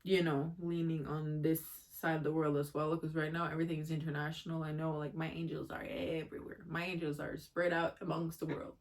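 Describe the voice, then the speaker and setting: An emotional woman from Jamaica speaks candidly in a personal vlog, drifting from thought to thought. Her pitch stays flat and even throughout. She talks with open, rambling honesty. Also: a little fast. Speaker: vlogger.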